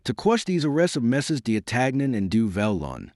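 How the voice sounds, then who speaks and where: A man reading the lines of a calm, dignified nobleman in an audiobook. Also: mid-range voice, normal speed, no echo, studio quality, close to an everyday voice. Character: dignified proud nobleman, calm, middle-aged.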